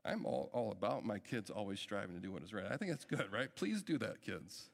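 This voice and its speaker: A man's voice: on the low side, sing-song, brisk, creaky. Earnest man preaching in a reverberant hall. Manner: earnest, emphatic preaching with rising urgency. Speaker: pastor. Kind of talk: sermon.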